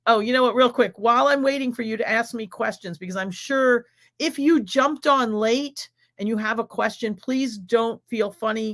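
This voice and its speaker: A woman's voice: mid-range voice, a bit bright. Exuberant American woman chatting live. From United States. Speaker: host of a live stream. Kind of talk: casual live-stream Q&A.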